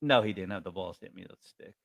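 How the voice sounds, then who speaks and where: A middle-aged man from New York State chatting casually as a podcast co-host, telling stories with lively acted-out voices. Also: low-pitched, racing, gravelly, no room sound. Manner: animated storyteller, acts out quoted voices loudly. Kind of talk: casual chat.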